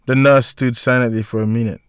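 Brief: male narrator, mid-range voice, steady measured read, close and dry, no room sound. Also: mid-range voice, smooth, no room sound. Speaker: audiobook narrator. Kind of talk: scripted narration.

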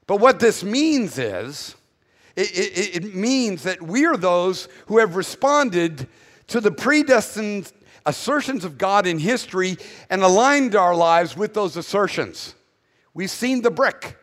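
A man's voice: sits high, very animated, measured pace, a bit bright. A male pastor with a Northern US accent, preaching a sermon in a blunt, conversational way with casual asides. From northern United States. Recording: echoey hall reverb.

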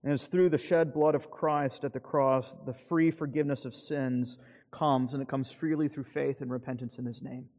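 A man preaching a sermon as pastor, earnest and emphatic, rising on key phrases and dropping low at the ends of his points. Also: fairly even intonation, moderate pace, darkish tone, long reverb tail.

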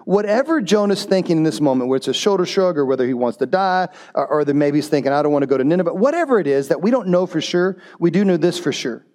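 Male pastor, middle-aged, higher-pitched, lively sermon delivery. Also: fast talker, hardly any pauses. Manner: animated storytelling, voicing characters' lines.

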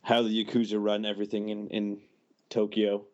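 Deep-voiced man, dull recording. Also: completely flat delivery, normal speed, a little mellow. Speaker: podcast co-host. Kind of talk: casual chat.

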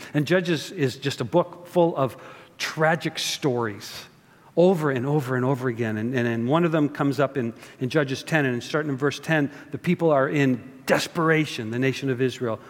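A man's voice: mid-range voice, normal speed, long reverb tail. A man preaching a sermon, talking conversationally to the congregation with rhetorical asides. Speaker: pastor.

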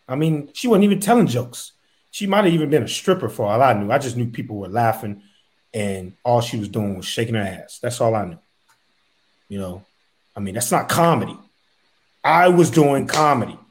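A man's voice: lowish voice, darkish tone. A man in a comedy sketch, griping in a self-pitying rant.

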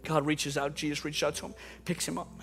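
A pastor with a high, bright voice preaches to a live and online congregation in a church hall, shifting from hushed, reflective passages to impassioned, shouted appeals over soft music. His delivery is flat and creaky, and a little fast.

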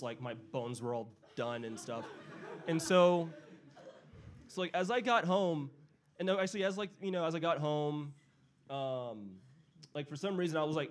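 In casual conversation, a young man with a mid-range voice animatedly recounts a personal story, using lots of fillers and imitating his family members' voices.

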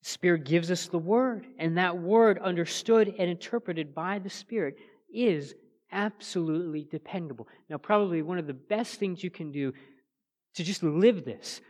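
An earnest man preaches a sermon from the pulpit. He builds to emphatic peaks, then drops to soft, quiet lines. His voice carries with a long reverb through a church sanctuary. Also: sits high, moderate pace. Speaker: pastor.

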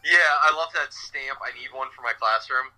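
A man who teaches, co-hosting a podcast and calmly recapping scenes from a cartoon episode. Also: medium pitch, a little fast, noisy background. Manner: relaxed, fills in details, quotes lines.

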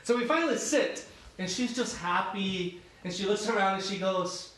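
A man preaching a sermon as a pastor, telling a story in a relaxed, conversational way. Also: high-pitched, normal speed, slight background noise. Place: church sanctuary. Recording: very echoey room from a distance.

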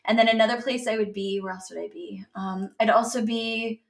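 Woman, actor guest, rambling, chatty, self-deprecating, mid pitch. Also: fairly even intonation, a little fast, vocal fry. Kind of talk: casual interview chat.

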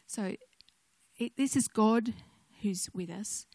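An older woman giving a personal testimony sermon, telling stories gently with conversational asides. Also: medium pitch, slow pace, no echo. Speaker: speaker sharing a devotional message.

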